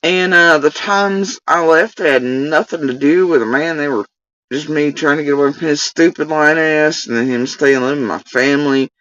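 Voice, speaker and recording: A woman's voice: low-pitched, normal speed, a bit bright, no echo, distant mic, highs cut off. A woman ranting heatedly on a livestream, swearing often as she vents. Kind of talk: livestream rant.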